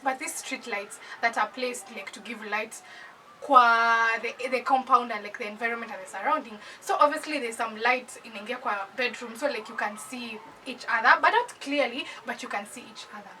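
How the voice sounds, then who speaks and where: A young woman from Kenya with a Kenyan accent, telling a personal story in an animated, casual storytime voice that mixes English with Swahili slang. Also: on the high side, normal speed, far from the mic, slight background noise, rough recording.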